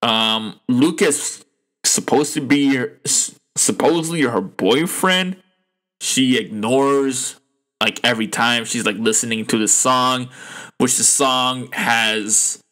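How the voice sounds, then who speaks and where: A man hosting a casual solo podcast, rambling loosely with lots of fillers, restarts and swearing, and getting animated when he is indignant. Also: medium pitch, slow. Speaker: podcast host.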